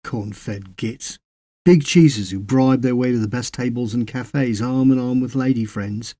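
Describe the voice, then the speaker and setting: A man's voice: medium pitch, moderate pace, warm tone, no echo, studio quality. A man reading a horror short story aloud as narrator, voicing a character's bitter, resentful thoughts.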